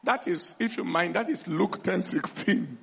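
Gravelly high-voiced preacher. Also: male voice, unhurried. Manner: dramatic storytelling preaching, bursts into shouted commands. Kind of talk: sermon with testimony. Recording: dull lo-fi recording.

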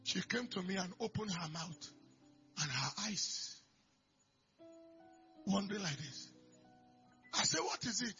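Pastor guy, really high bright voice, gravelly, quiet stories then shouting, dull recording w faint music. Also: expressive, takes it slowly, long pauses. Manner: swings from quiet storytelling to loud shouted declarations. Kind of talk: sermon.

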